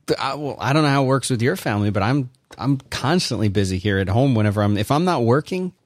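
A man and father co-hosting a casual podcast chat, answering in an earnest, somewhat rueful and measured way. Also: medium pitch, animated, dry recording, studio quality. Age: adult father. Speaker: podcast co-host.

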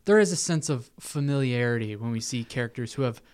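A man's voice: mid-range voice, brisk, darkish tone, clear, resonant tone. A man co-hosting a casual podcast, chiming in with quips and movie trivia. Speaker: podcast co-host. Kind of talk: casual movie recap chat.

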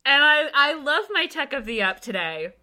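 A woman's voice: high-pitched, very animated, moderate pace, pushed and bright. A woman in a casual movie discussion, enthusiastic and gushing.

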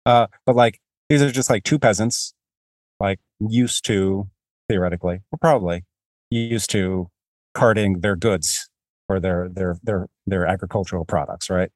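A man's voice: low voice, fairly even intonation, measured pace, no room sound, studio quality. A man hosting a podcast, talking through a book in a rambling, self-deprecating way with many restarts. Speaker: podcast host. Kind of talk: casual book discussion.

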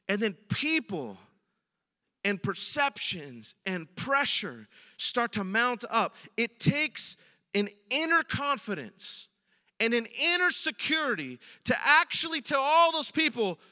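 A man's voice: high-pitched, pushed and bright. A man preaching a sermon as a pastor, speaking conversationally and addressing the congregation directly. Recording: long reverb of a large hall.

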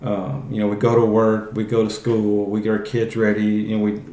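A man's voice: lowish voice, completely flat delivery, moderate pace, dark tone. Man teaching Bible in an echoey room. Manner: conversational, restarts phrases, acts out Bible quotes. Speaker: podcast host. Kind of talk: casual Bible teaching podcast.

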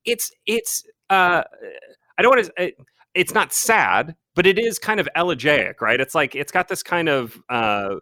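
Male interviewer, considered and hesitant, bright tone, dry close sound. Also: fairly high pitch, lively intonation, measured pace, no echo. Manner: thoughtful, hesitant. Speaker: podcast host. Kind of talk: interview questions.

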